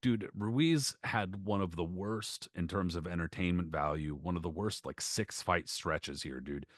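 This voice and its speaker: A man's voice: low voice, measured pace, dry recording, clean studio sound. A man co-hosting a podcast about boxing history, talking in laid-back, profane banter. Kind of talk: casual podcast chat.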